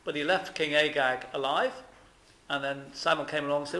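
A man's voice: on the high side, a little fast, pushed and bright. Earnest male preacher in an echoey room. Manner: earnest, questioning, emphatic with rhetorical questions. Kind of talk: sermon.

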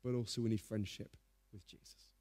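A man preaching a sermon, telling stories in a lively, humorous way. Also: fairly low pitch, fairly quick.

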